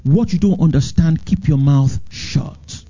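A man delivers a sermon as pastor, swinging between high, urgent emphasis and low, slow phrases. His voice sits a little above average for a man, mellow and slightly husky. The recording is muffled and lo-fi. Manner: animated preaching, swings from high emphatic lines to low drawn-out ones.

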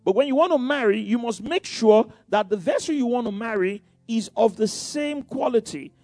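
A man's voice: very high voice, moderate pace, darkish tone, no room sound. A middle-aged man preaching a sermon in a conversational way, with many asides and repeated phrases.

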